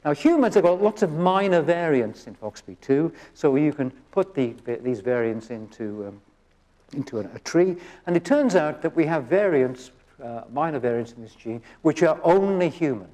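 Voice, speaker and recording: Older male professor for a public science talk, loose and conversational, his pitch swinging widely. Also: lively intonation, normal speed, dark tone. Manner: conversational, with frequent restarts and "okay?" checks. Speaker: genetics professor giving a public lecture.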